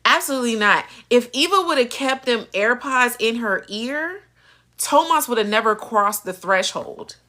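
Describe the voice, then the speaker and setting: A woman's voice: on the high side, lively intonation, measured pace, sharp tone. A woman hosting a live recap stream in a casual, sassy style. She laughs often and mimics the characters as she talks. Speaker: host of a live soap-opera recap stream.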